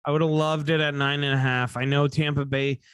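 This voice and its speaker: A man's voice: on the high side, little pitch movement, brisk, fairly bright tone. A man hosting a casual sports betting podcast, sleepy and yawning, rambling and correcting himself as he talks. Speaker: podcast host.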